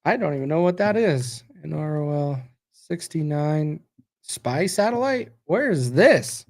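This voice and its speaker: A man's voice: on the high side, expressive, a little slow. An American man hosting a casual podcast stream, tired and rambling as he reacts to news and viewer comments. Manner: rambling, reacts aloud to results and chat. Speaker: podcast host.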